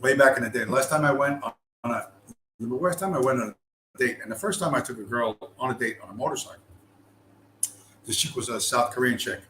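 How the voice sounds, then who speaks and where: A man's voice: mid-range voice, fast, pauses often, a bit bright, slight background noise. A man from the US East Coast hosting a casual livestream, telling stories in a rambling, profane way and often losing his train of thought. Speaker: livestream host. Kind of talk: casual storytelling chat. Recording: roomy with faint ambience.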